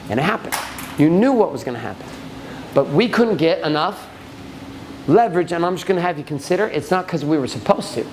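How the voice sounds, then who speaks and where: Animated, swearing man coaching a group. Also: vocal fry, a little hiss or hum, rough recording. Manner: swears often, shifts into acted quotes, lively pitch. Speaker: men's coach leading a group session. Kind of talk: profane, emphatic coaching talk.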